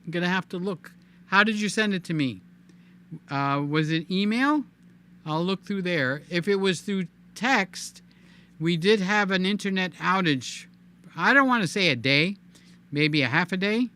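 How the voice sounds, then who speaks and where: Bright-voiced animated man hosting a livestream. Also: high voice, measured pace, clear, resonant tone. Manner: animated, chatty, coos in baby talk and reads viewer comments aloud. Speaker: livestream host. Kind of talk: casual live-stream chat.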